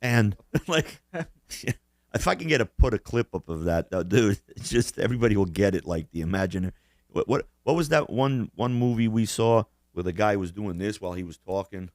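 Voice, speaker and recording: Deep voiced guy rambling on a podcast, swears a lot, laughs, dry close sound. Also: moderate pace, no echo. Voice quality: swears constantly, animated mimicry. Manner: laughs often, rambling restarts. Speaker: podcast co-host. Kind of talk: casual chat.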